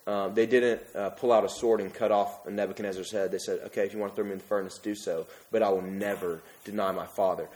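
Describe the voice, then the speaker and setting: Young male preacher, conversational sermon delivery, animated with sudden emphatic peaks. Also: fairly low pitch.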